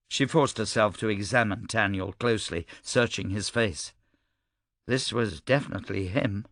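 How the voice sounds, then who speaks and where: A male audiobook narrator with a low, gravelly voice, reading with steady, measured storytelling. The sound is close and dry, with no room around it. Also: no echo. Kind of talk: scripted narration.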